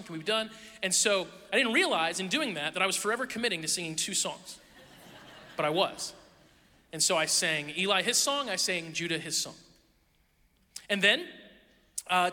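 Pastor guy in his 30s, high bright voice, joking sermon, big echoey hall. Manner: animated, self-deprecating storytelling with laughs. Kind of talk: sermon with personal stories. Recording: long reverb of a large hall.

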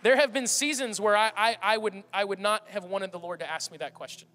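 A man's voice: high-pitched, fairly quick, sharp tone, long reverb tail, soft background music. A pastor in his thirties preaching a sermon with passion, often restarting his sentences. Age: 30s. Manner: impassioned, rambling with restarts. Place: church hall.

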